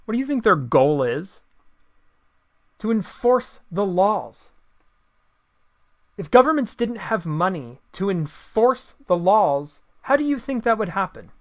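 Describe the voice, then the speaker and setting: A man delivering an opinion monologue, combative and sarcastic, firing off rhetorical questions. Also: sits high. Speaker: political commentator.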